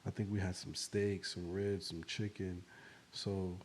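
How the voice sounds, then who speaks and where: A man hosting a podcast, talking in a relaxed, rambling way with plenty of fillers. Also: deep voice, a little slow. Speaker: podcast host. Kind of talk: casual chat.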